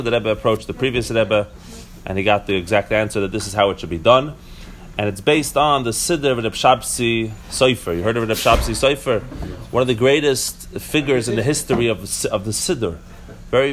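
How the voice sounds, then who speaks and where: A man's voice: mid-range voice, a little hiss or hum. A man giving a casual Torah class to a few listeners, explaining step by step with frequent restarts and rhetorical questions. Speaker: teacher.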